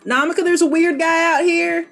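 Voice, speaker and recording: A woman voicing a bold princess adventurer in a tabletop game, calling out loudly and bluntly. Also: very high-pitched, brisk, vocal fry, soft background music, voice pushed up, heavily acted. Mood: brash. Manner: loud, blunt, excited.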